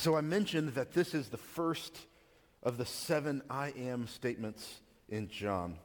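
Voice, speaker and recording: A man's voice: mid-range voice, unhurried. A man from Texas, preaching a casual teaching sermon and asking the congregation questions. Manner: conversational teaching, asks the audience questions, frequent restarts. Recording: reverberant hall.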